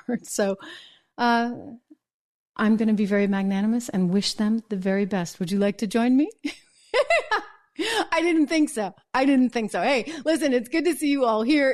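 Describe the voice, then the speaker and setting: A woman's voice: medium pitch, a little mellow. A middle-aged woman hosting a political commentary channel, talking casually to camera, chatty and sarcastic with frequent laughs.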